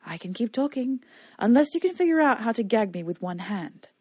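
A woman voicing a captive male enemy knight who talks smooth, cool and coaxing. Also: a little high, sing-song, a little fast, dark tone, no echo, pitched above the performer's own voice. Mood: mocking.

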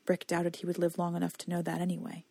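Audiobook narrator, husky voice, dry close sound. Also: female voice, lowish voice, monotone, quick pace, dark tone, no echo. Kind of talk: scripted narration.

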